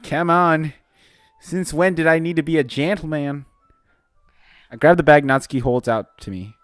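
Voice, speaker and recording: A man's voice: fairly high pitch, normal speed, smooth, no echo, clean studio sound, faint music behind. A man reading a visual novel's narration and lead lines aloud in a casual, joking let's play. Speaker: gamer reading the protagonist.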